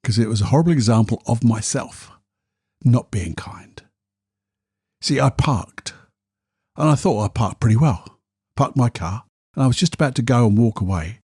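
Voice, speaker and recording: A man's voice: mid-range voice, lively intonation, a little fast, warm tone, breathy edge, dry recording, clean studio sound. A man hosting a solo podcast, telling candid, self-deprecating stories. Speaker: podcast host.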